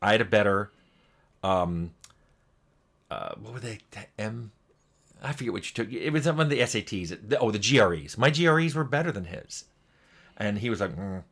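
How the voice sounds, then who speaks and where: A man's voice: lowish voice, moderate pace, pauses often. An older man telling personal stories in a casual, conversational way, acting out bits of dialogue as he goes. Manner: conversational, lively retelling with quoted dialogue. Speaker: game developer talking to camera.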